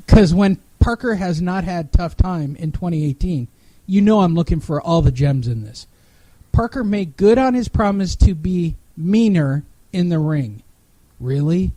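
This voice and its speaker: A man with a notably high voice hosts a casual podcast, reading an article aloud and stopping to mock its typos with profane sarcasm. The recording is close and dry, with no room sound. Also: dark tone, dry recording, rough recording. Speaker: podcast host.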